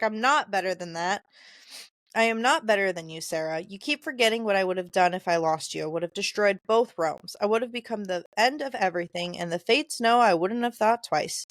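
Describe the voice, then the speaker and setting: A woman on a podcast, reading quoted lines from a novel in a plain, conversational voice and stumbling now and then over hard names. Her voice sits at a middle pitch. The sound is dry and close. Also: expressive, fairly quick, no echo. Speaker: podcast co-host. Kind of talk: casual book discussion, reading passages aloud.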